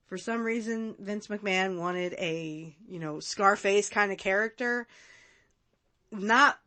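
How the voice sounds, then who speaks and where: A woman's voice: mid-range voice, fairly bright tone. A woman hosting a casual watch-along podcast, chatty and rambling, often breaking into laughs. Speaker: podcast host.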